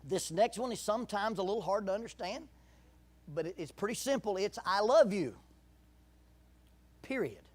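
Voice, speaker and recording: Middle-aged guy preaching in church, highish voice, punchy, repeats stuff, gets the crowd saying it back. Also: fairly quick. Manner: emphatic, repeats key phrases, leads congregation in call-and-response. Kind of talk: sermon.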